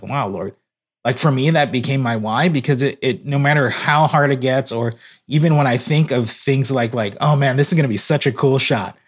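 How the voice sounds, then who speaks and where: A man, a guest on a podcast, telling an earnest story about his work in church broadcasting. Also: medium pitch. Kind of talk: casual podcast conversation.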